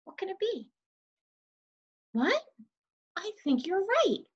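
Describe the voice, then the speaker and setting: A woman reading a picture book aloud to children, pausing to ask them questions and gently encouraging their answers. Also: very high voice, very animated. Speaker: storybook reader to children. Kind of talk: interactive read-aloud storytime. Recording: slightly dull lo-fi recording.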